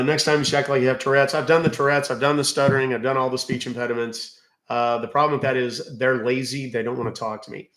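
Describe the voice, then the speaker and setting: A man's voice: medium pitch, fairly bright tone, roomy sound. A man with a Southern American accent hosting a livestream, chatting casually with viewers, full of fillers and asides. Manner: chatty, drawling, many fillers. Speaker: livestream host. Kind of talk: casual livestream chat reading comments.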